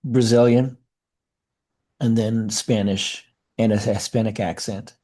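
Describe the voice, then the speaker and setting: Middle-aged male actor and coach, casual interview talk, mellow low-key timbre, animated delivery. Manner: animated, talks fast with many fillers and restarts.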